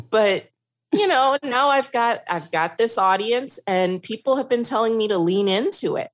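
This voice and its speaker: A woman's voice: medium pitch, animated, a little slow, fairly bright tone. A woman from New York, a guest on a podcast, chatting and telling stories with easy laughs. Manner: chatty storyteller, laughs easily. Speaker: guest, consultant. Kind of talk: casual podcast chat.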